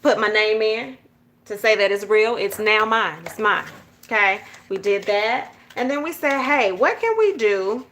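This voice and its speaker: A Southern-accented woman from Georgia hosts a journaling channel, leading a casual journal-with-me tutorial and chatting directly to viewers with lots of "y'all" and "okay?". Her medium-pitched voice is a little slow, pushed and bright, with a little hiss or hum.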